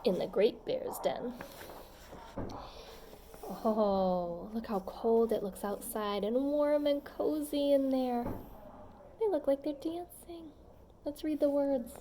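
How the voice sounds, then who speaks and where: A woman reading a children's picture book aloud, gentle and expressive, pausing to chat with young listeners. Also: high-pitched, a little hiss or hum. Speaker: storybook reader.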